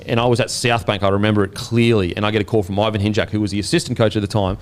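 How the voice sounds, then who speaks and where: Lowish-voiced Australian man spinning yarns. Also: racing. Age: 30s. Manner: animated, swears freely, laughs while telling stories. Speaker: podcast host and former rugby league player. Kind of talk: casual storytelling chat.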